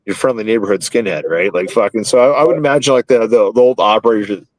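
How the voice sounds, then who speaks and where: A man's voice: on the low side, fast talker, no echo. Rambling, profane man in his thirties. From Canada. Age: 30s. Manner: rambling, heavily profane, filler-laden storytelling. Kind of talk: casual podcast chat, storytelling.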